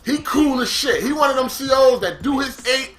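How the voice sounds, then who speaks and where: Animated man telling a profane story. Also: very high voice, normal speed. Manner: animated, profane street slang, acts out quoted lines loudly. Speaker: storyteller recounting prison life. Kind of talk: casual storytelling monologue.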